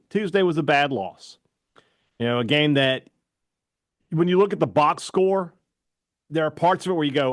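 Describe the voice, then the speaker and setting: A man co-hosting a sports talk radio show, telling stories and giving takes in an animated, fast-bursting way. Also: on the high side, no room sound, studio quality. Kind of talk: casual sports talk chat.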